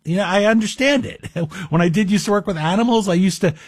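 A man's voice: sits high, fairly quick, dry recording, studio quality. A man guest hosting a talk radio show, chatting in a wry, self-deprecating way. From Greek heritage. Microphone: studio microphone.

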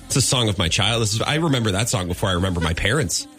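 A man's voice: fairly low pitch, animated, very fast, fairly bright tone, soft background music. A man co-hosting a morning radio show in a studio, joking playfully and defending himself. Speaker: radio co-host. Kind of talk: casual morning radio banter. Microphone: studio headset.

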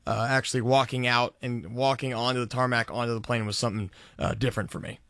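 A man's voice: medium pitch, fairly even intonation, quick pace, fairly bright tone, no echo. A young man who works as a radio board operator, answering questions hesitantly with many fillers.

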